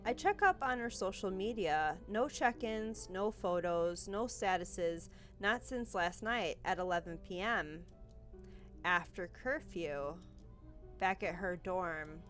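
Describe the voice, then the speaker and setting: Expressive woman reading through a game. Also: on the low side, takes it slowly, faint music behind. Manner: expressive, anxious and swears casually. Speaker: game streamer. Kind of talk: reading and reacting to a visual novel.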